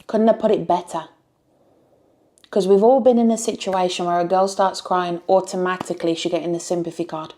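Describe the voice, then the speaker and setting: A woman's voice: lowish voice, steady tone, moderate pace, mellow. A woman giving blunt, emphatic reaction commentary on a reality show. She repeats phrases for effect and swears freely.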